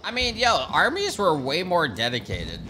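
A man's voice: a little high, normal speed, slight background noise. A man streaming a strategy game live, ranting and swearing freely as he plays. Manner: profane, ranting, animated. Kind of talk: live gameplay commentary. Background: game music.

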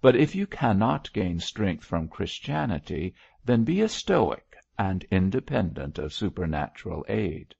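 A man reading an audiobook, voicing a blunt doctor who exhorts his friend firmly and briskly. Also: low voice, sing-song, vocal fry, darkish tone, slightly rough, no room sound, muffled recording, heavily acted. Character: blunt, firm middle-aged male doctor.

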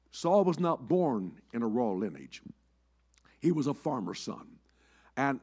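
Brief: older bishop in a church pulpit, folksy and lively, pitch rising and falling a lot. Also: male voice. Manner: folksy storytelling, repeats words, lively rises and drops. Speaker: bishop preaching. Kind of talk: sermon. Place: church sanctuary.

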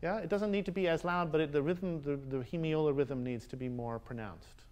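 A man whose voice sits on the high side coaches musicians in a master class inside a concert hall as instruments play. He sings rhythms and phrases out loud, frequently checking with a brief "yeah?".

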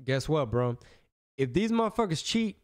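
A man hosting a podcast in casual political chat, animated and slangy, often restarting his sentences. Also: fairly high pitch, moderate pace. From Texas. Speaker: podcast host.

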